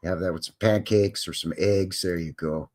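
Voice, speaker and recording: A man's voice: low-pitched, steady tone, normal speed, darkish tone. A middle-aged man, hosting a live stream and reading viewer questions in a chatty, jokey, rambling way. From Canada. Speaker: host.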